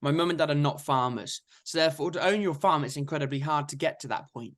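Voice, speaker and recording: A young man, telling his story in a lively, chatty interview. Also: fairly high pitch, fast talker. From England. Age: 20s. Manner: chatty, energetic anecdotes with frequent "so therefore". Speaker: guest farmer.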